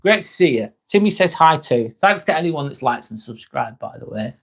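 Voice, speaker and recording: High-voiced man chatting on a livestream. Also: expressive, moderate pace, vocal fry, a bit bright, breathy edge. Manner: chatty, jokey, swears, talks straight to viewers. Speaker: livestream host reading chat. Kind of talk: casual live-stream chat.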